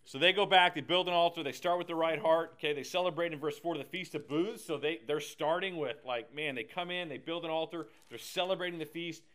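Male Bible teacher, energetic and digressive, easygoing. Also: fairly high pitch, fairly quick, few pauses.

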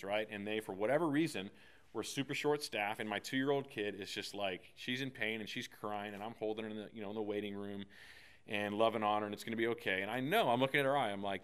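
A man's voice: fairly low pitch, fairly bright tone, clean tone. A pastor in his thirties preaching a sermon, telling a personal story in an earnest, emphatic way.

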